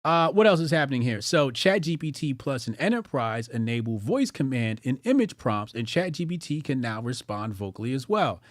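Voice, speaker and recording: A man hosting a livestream in a casual, slangy, profane way, chatting straight to his viewers. His voice sits at an ordinary middle pitch and keeps jumping from loud excitement to quiet mumbles. The sound is close and dry, with no room echo. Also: moderate pace, hardly any pauses. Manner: loose and animated, swings between loud excitement and low mumbling. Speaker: streamer and news commentary host.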